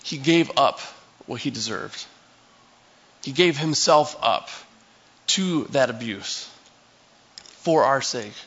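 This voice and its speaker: A man's voice: mid-range voice, lively intonation, takes it slowly, long pauses, fairly bright tone, slightly rough, lo-fi sound. A male pastor giving a sermon in a conversational, storytelling way, acting out scenes for his listeners.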